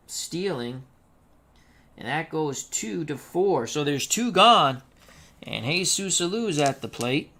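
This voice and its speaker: A man's voice: a little high, slight background noise. A man doing chatty play-by-play for a tabletop baseball dice game, talking to viewers in chat between rolls. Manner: chatty, excitable, rhymes and asides to chat viewers.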